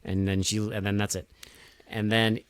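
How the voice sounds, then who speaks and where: A man's voice: fairly low pitch, flat delivery, moderate pace, smooth, dry recording. A man co-hosting a podcast, casually recapping a movie in a blunt, profane and mocking way. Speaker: podcast co-host.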